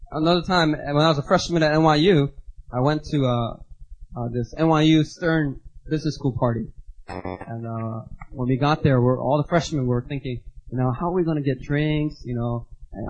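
A young man with a medium-pitched, slightly mellow voice gives a storytelling sermon as a guest preacher, sharing personal stories casually and acting out the voices in them. The recording sounds rough.

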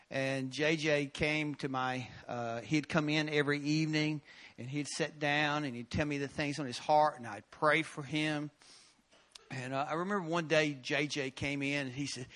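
A man's voice: a little high, pushed and bright. A man preaching at a prayer meeting, telling a personal testimony with bursts of emotion and laughter. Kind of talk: sermon testimony.

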